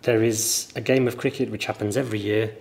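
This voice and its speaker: Low-voiced man with a mild northern English accent. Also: steady tone, brisk, gravelly, darkish tone. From northern England. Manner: thoughtful, anecdotal, explains at length. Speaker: guest, teacher. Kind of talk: relaxed conversational interview.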